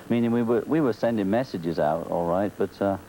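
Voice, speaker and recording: A man from England with a Liverpool accent, a talk show guest chatting in a relaxed, wry way and laughing often. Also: on the low side, normal speed, slight background noise, low-quality recording. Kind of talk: casual talk show chat. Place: television studio.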